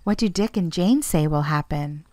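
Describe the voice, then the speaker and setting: A woman's voice: low-pitched, normal speed, dark tone, no room sound, close to an everyday voice. A woman voicing a curious, slightly envious small child in a storybook reading.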